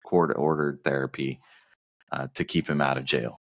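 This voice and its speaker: A man's voice: a bass voice, fairly even intonation, normal speed. A man from the American South co-hosting a casual movie podcast, teasing his co-host and rambling through plot summaries. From Southern United States. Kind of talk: casual movie-review chat.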